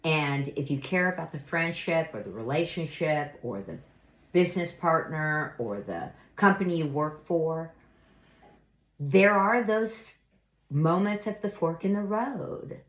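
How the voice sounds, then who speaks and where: A middle-aged woman giving earnest, reflective life advice in an unhurried monologue, now and then acting out example phrases. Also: sits low, animated. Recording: echoey room.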